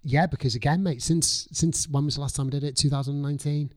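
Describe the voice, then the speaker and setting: A man's voice: on the high side, fairly even intonation, fast. A man, a chef chatting as a guest, telling his story casually, swearing freely and acting out his own past thoughts. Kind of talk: casual podcast chat.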